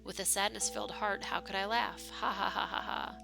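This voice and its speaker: A woman's voice: medium pitch, steady tone, fairly quick, creaky. Unsettling masked hospital nurse acted by a woman, taunting and giggly, faint music behind. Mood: mocking. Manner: mocking, laughing while claiming sorrow. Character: cheerfully sinister masked female nurse, laughs constantly.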